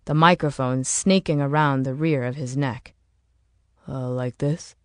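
Casting: woman audiobook narrator, low voice, steady, dry close sound. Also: no room sound.

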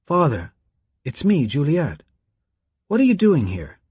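A determined young woman, firm and urgent, in a raised and slightly lifted voice, as a male narrator puts her on. The voice is somewhat husky. It is recorded close and dry. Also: fairly high pitch, huge pitch swings, measured pace, darkish tone, dry recording, voice pushed up, heavily acted. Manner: firm, urging.

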